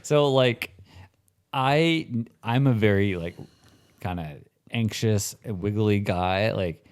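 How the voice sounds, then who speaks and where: A man's voice: on the low side, takes it slowly, clear, resonant tone. A man in his forties, co-hosting a comedic podcast in a rambling, casual way, full of "like" and swearing. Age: 40s. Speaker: podcast co-host.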